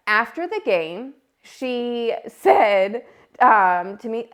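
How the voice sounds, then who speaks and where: A woman in her thirties hosting a podcast, telling a personal story in a casual, animated way. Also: a little high, slow. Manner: animated, acts out her own yelling and quotes. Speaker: podcast host.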